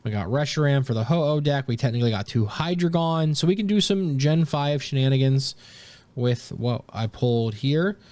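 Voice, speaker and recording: A young man riffs through a card-pack opening on a stream. His voice sits in a middle register but swings sharply upward when he gets excited, then settles back into relaxed, rambling chat. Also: normal speed, dry recording. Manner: excited, jumps high in pitch at big pulls. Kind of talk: casual pack-opening commentary.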